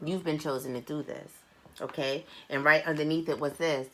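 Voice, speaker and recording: A woman giving a private tarot reading who speaks earnestly and bluntly, swearing casually, repeating phrases for emphasis and reading card text aloud slowly. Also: low-pitched, fairly even intonation, fairly bright tone, a little hiss or hum. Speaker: tarot reader.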